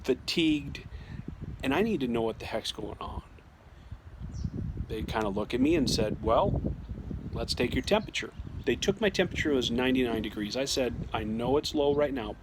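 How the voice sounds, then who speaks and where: Man telling a story over loud noise. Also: mid-range voice. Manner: conversational, with frequent restarts and quoted dialogue. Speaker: storyteller sharing a personal experience. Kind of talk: casual personal storytelling.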